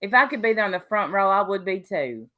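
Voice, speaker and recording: A woman's voice: mid-range voice, animated, fairly quick, crowd noise. A woman co-hosting a casual chat show, retelling stories and acting out the quotes. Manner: acts out quotes in storytelling. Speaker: podcast co-host.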